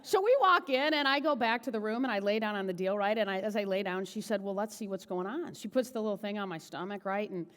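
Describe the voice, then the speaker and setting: A woman giving a motivational keynote speech, telling a personal story in a chatty, animated way and often asking the audience "right?". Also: mid-range voice, quick pace, hardly any pauses, smooth, long reverb tail. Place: large event hall.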